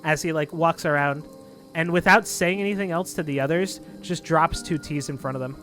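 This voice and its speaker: A man's voice: fairly high pitch, normal speed, fairly bright tone, soft background music. A man narrating a tabletop game as dungeon master, in loose narration full of fillers.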